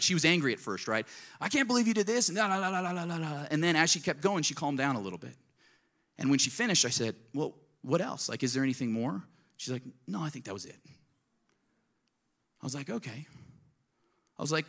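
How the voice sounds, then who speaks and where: A male pastor preaching with animated, conversational energy. He shifts between punchy, raised lines and quiet, confiding asides, often acting out small exchanges as he goes. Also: mid-range voice. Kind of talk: sermon.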